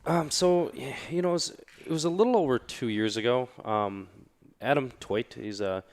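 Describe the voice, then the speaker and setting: A man's voice: mid-range voice, moderate pace. A man with a Midwestern American accent, a podcast guest chatting easily about his past. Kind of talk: casual chat.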